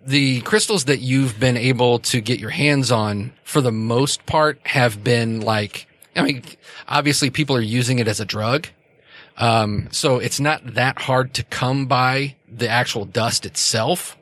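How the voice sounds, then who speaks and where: A man's voice: mid-range voice, unhurried, a bit bright. A man narrating as game master of a tabletop game, rambling with many restarts and fillers.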